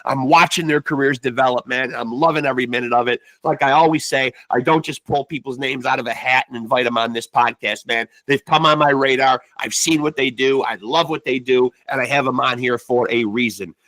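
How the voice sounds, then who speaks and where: A man's voice: medium pitch, a little fast, hardly any pauses, a bit bright, no echo. A man in his fifties from the States hosting a boxing podcast, chatty and stammering, dropping "man" into nearly every sentence. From United States. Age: 50s. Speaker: podcast host. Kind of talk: casual interview podcast.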